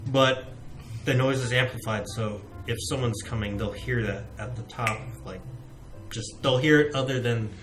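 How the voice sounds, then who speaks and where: A man's voice: mid-range voice, normal speed, soft background music. A man narrating as game master in a tabletop game, talking in a casual, joking way with lots of fillers.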